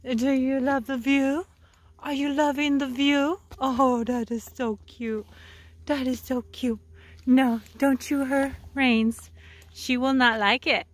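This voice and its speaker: This woman's voice sits high and steady, and she takes her time. Vlogging outdoors by a creek on a trail ride, she coos at her animals, chats to them playfully, and laughs a lot in a relaxed narration.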